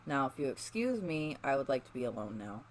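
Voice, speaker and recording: A man voicing a moody, defensive young male mutant turtle in a read-aloud fan story, in a flat, grumbling way. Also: mid-range voice, a little fast, a little hiss or hum, lightly acted, poor audio. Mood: annoyed.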